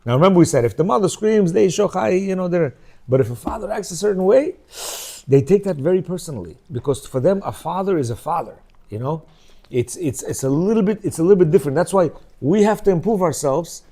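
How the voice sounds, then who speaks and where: A middle-aged man teaches in a relaxed, talky way. His voice sits fairly high for a man but sounds warm and mellow. He keeps asking "yeah?" to bring the listeners along. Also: brisk. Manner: conversational, keeps checking in with "yeah?" and "you know"; acts out quoted speech in shifting voices. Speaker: religious teacher. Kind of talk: informal Torah lecture.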